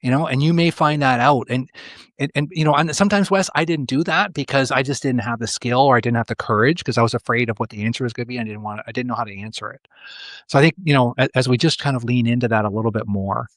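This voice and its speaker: A middle-aged man talks as a coach in an interview, winding through a personal anecdote and often restarting his words. His voice is pitched in the ordinary male middle. The sound is close and dry, with no room around it. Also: fast, dry recording. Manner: repeats words while telling a personal story, often voicing the people in it. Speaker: executive coach, guest. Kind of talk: conversational interview storytelling.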